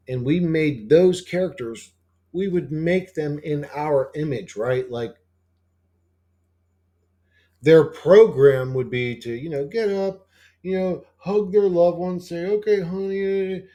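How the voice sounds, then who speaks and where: A man rambling casually as a channel host, swearing often and full of fillers and restarts. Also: dark tone. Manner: acts out quoted dialogue in a higher voice.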